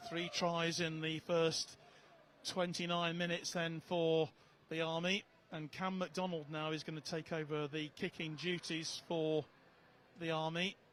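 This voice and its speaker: A man doing live play-by-play commentary, measured as he reads out viewer messages and rising on big plays. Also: fairly high pitch, little pitch movement, fairly bright tone, slight background noise. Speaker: lead commentator.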